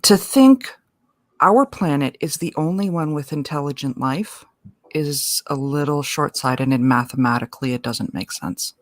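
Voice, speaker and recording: Woman, guest, casual chat, low voice, dry sound, opinionated, restarts often. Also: animated, unhurried, no echo.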